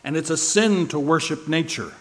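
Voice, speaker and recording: A man with a slightly high voice preaches a sermon at a moderate pace. He is emphatic, shifting between loud and soft for stress, and now and then asks his listeners rhetorical questions.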